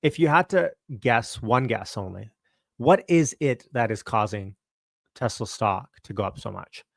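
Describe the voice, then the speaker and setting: Canadian guy on a stock livestream, upbeat, shouting out chat, kinda keeping it down, dry close sound. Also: animated, measured pace, creaky, no echo. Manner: upbeat, greets viewers by name, chatty asides; talking a bit lower and quieter to not wake the house. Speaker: stock market livestream host. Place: home, early morning.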